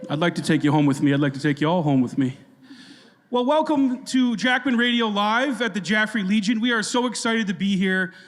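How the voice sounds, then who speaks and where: A man's voice: sits high, a little fast. A man in his thirties co-hosting a live comedy podcast on stage, riffing jokily and self-deprecatingly with the crowd. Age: 30s. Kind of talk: live stand-up banter. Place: legion hall stage before a live audience. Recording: long hall reverb.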